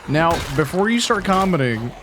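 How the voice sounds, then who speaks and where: A man's voice: high voice, very animated, moderate pace, noisy background. Chatty young man rambling over gameplay. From United States. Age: 20s. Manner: rambling, chatty, self-mocking. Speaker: gaming YouTuber. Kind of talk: casual let's-play commentary.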